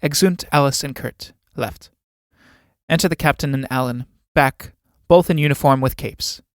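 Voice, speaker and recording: A man reading a play aloud, giving the stage directions in an even, matter-of-fact way. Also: medium pitch, moderate pace, no echo, studio quality.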